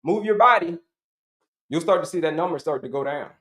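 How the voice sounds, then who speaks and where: A man's voice: a little high, animated, fairly quick, fairly bright tone, roomy sound. A middle-aged man giving an emphatic, repetitive health coaching talk, asking and answering his own questions to the audience.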